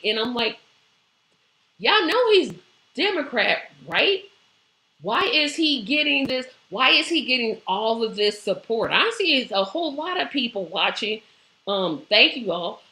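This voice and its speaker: A woman hosts a live online show, reacting to viewer comments with emphatic exclamations and rhetorical questions. Her voice is bright and sharp. The echo of the room carries around her words. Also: mid-range voice.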